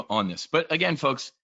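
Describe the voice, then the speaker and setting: A man's voice: a little high, vocal fry, sharp tone, breathy edge, dull audio. A man giving a casual, blunt and profane trade briefing, talking in a rambling way as a trading educator.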